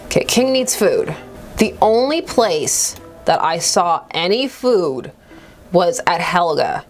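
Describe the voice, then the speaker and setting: A woman's voice: fairly low pitch, very animated, slow, faint music behind. A woman hosting a casual let's play, chatty and reading the game text aloud with wry asides. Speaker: gaming video host.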